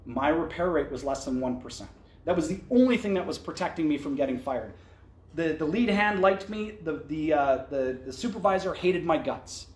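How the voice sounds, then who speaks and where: Male event speaker, fairly high voice, casual candid storytelling, roomy echo. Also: animated, moderate pace. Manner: candid, conversational, with slips and restarts. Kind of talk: storytelling talk to an audience. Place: event venue, indoors. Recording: echoey event room.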